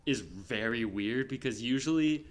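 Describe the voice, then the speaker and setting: A man co-hosting a film podcast, talking in a rambling, casual way with many fillers and sudden animated bursts. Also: mid-range voice, unhurried. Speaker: podcast co-host. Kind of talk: casual film review chat.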